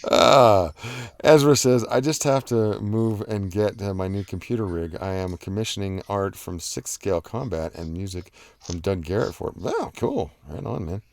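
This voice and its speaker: Man, low voice, dry close sound, casual live-stream host, rambling chat reading. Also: animated, normal speed, creaky, dry recording. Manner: rambling, many fillers and restarts.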